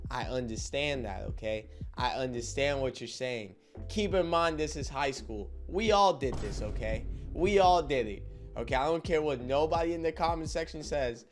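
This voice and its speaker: A young man telling a story in a casual vlog, animated and full of slang, often turning to his listeners to check they are with him. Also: medium pitch, moderate pace, soft background music.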